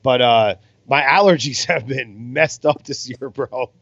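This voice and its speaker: This boxing podcast co-host speaks at a measured pace with a medium, slightly bright voice, commentating on fights with a beer, laid-back and swearing. Recorded at home in Las Vegas, the audio is dull, dry and lo-fi with no echo.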